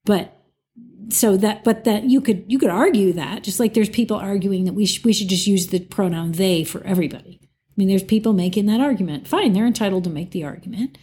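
Woman chatting, earnest, restarts a lot, soft dark tone. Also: mid-range voice, fairly quick. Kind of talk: casual chat.

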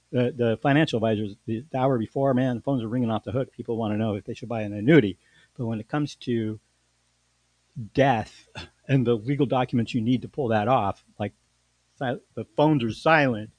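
A man's voice: lowish voice, darkish tone, no room sound, rough recording. A man, a podcast host and lawyer, telling a story in a casual monologue with lots of restarts and fillers.

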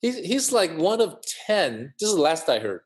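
A man's voice: a little high, big pitch swings, moderate pace. A man who is a podcast guest, chatting casually, restarting his words and laughing easily. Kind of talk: casual chat.

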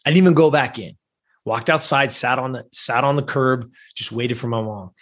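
A middle-aged man talks at a normal speed in a medium-pitched voice, sharing a personal story as a guest. He tells it with animation, slipping into the voices of the people involved.

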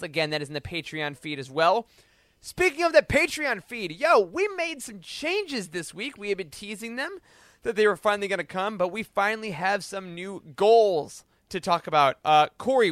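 A man hosts a casual podcast and runs through show updates in an upbeat way. His voice is high and bright with a forward edge. The sound is dry, with the mic close. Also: no room sound. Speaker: podcast host.

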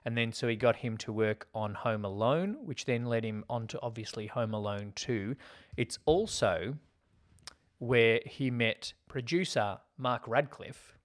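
A man's voice: medium pitch, measured pace. Chatty man discussing films. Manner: chatty, jokey, acts out quotes. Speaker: podcast co-host. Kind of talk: casual film chat.

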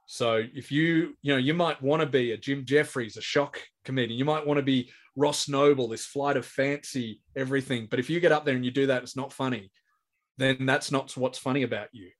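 A man's voice: mid-range voice, fairly quick. A man in his forties with an Australian accent, telling anecdotes as a comedian guest in a casual interview, restarting his sentences often. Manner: rambling anecdotal storyteller with many restarts.

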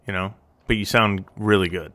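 A man's voice: on the low side, steady tone, normal speed, bright, forceful tone. A man hosting a podcast in casual chat, upbeat and teasing with his co-host.

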